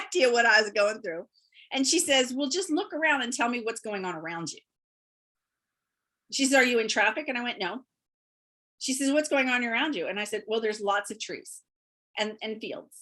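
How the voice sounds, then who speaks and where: A woman guest on a remote interview, telling lively stories about her work and laughing often as she talks. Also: on the high side. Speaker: guest, beauty consultant. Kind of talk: casual storytelling interview.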